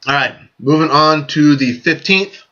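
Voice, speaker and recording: Friendly man with a bright voice. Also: on the high side, unhurried. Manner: friendly, joking, stumbles and repeats phrases. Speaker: vlog host giving birthday shout-outs. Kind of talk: casual direct-to-camera shout-outs. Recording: dull lo-fi sound.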